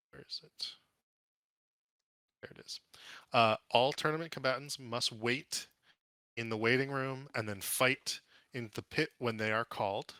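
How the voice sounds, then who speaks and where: A man narrating a tabletop game as game master, casual and relaxed, with plenty of fillers. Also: mid-range voice, clear, resonant tone, dry recording.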